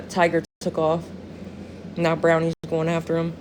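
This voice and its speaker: A woman's voice: low voice, little pitch movement, a little slow, darkish tone, slight background noise. A young woman chatting casually on a phone live stream, slangy and profane, often breaking into laughter while answering viewers.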